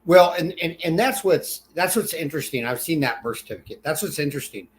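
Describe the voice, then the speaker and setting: Rambling, halting man co-host. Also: a little high, animated, slight background noise. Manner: rambling, halting, many fillers and restarts. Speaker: podcast co-host. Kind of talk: casual political chat.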